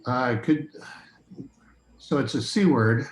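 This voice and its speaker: A man's voice: mid-range voice, a little hiss or hum. Hesitant man student in a roomy space. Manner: tentative, halting questions. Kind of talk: asking questions in class.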